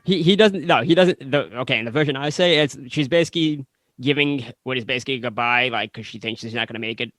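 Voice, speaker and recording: A man's voice: medium pitch, fast talker, fairly bright tone, no room sound. A man co-hosting a casual podcast chat, blunt and opinionated, acting out characters' lines as he argues his point. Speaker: podcast co-host.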